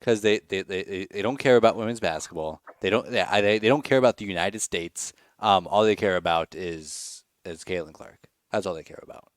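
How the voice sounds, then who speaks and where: Male podcast co-host, wry joker, fairly low voice, dry close sound. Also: fairly quick, dry recording. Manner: wry, joking, repeats words. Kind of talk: casual sports chat.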